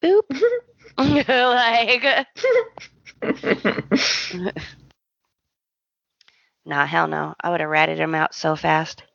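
A woman co-hosting a podcast, recapping a soap opera in blunt, animated casual chat and swearing freely. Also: fairly low pitch, drawn-out words, gravelly, pauses often, no room sound, highs cut off. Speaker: podcast co-host.

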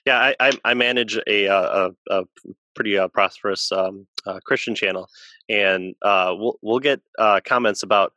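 A man's voice: on the low side, moderate pace, bright, forceful tone, no echo. A man co-hosting a casual podcast chat, rambling through stories and acting out what people said in little voices. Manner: rambling storyteller who acts out quotes in voices. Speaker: podcast co-host, Christian channel manager.

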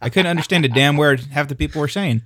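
A man's voice: on the high side, fast talker, a bit bright, no room sound. A man in a casual group chat, wry and a little hesitant, with self-mocking humor.

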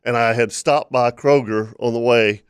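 An agreeable man co-hosts a radio show in relaxed chat, often restarting his sentences. His voice sits in a middle pitch. The studio sound is dry and close. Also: moderate pace, clean tone, no room sound. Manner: easygoing, agreeable, stumbles over words. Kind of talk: casual radio banter.

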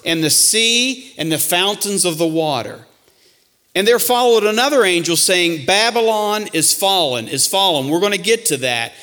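A man delivers a sermon from the pulpit in a high, bright, ringing voice. He reads scripture slowly and deliberately, then presses his congregation with urgent, emphatic warnings. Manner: preaching with rising emphatic warnings, dropping to hushed asides. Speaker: pastor.

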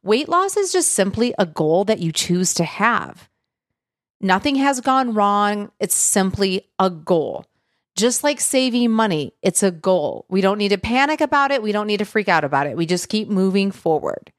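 A woman's voice: medium pitch, animated, normal speed, no room sound, clean studio sound. A woman weight loss coach giving an earnest, reassuring talk straight to her listeners. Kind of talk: motivational talk to viewers.

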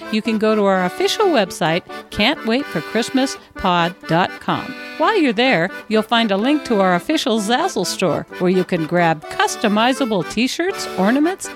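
A woman hosting a podcast, reading the closing credits and links in an upbeat way. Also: on the high side. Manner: upbeat, reads through a list of credits and links. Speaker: podcast host. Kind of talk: scripted podcast outro. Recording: music playing underneath.

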